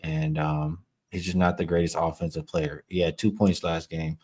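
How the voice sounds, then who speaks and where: A man co-hosting a casual sports betting show who speaks hesitantly, with many pauses and restarts. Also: very deep voice, flat delivery, a little mellow, slightly rough. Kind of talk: casual betting talk on a livestream.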